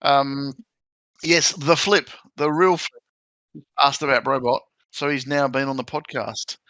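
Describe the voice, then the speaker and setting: A man hosting a podcast in a relaxed, casual chat, drawing his words out with many ums. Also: mid-range voice, slow pace, no echo. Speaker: podcast host.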